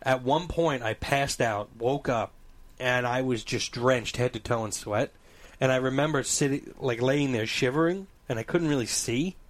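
A man in casual chat, telling a story with animated voices, frequent laughter and swearing. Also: medium pitch, moderate pace.

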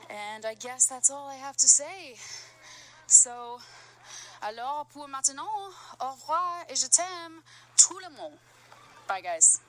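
A young woman casually telling a travel story outdoors, chatty and animated, slipping in halting French phrases. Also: on the high side, a little hiss or hum, rough recording. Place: outdoors at a busy landmark.

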